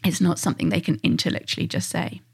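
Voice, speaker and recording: A woman's voice: on the low side, very animated, quick pace, gravelly, breathy edge. A woman, a parenting coach talking earnestly and reassuringly to parents, acting out the quotes she gives. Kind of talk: direct-to-listener parenting advice.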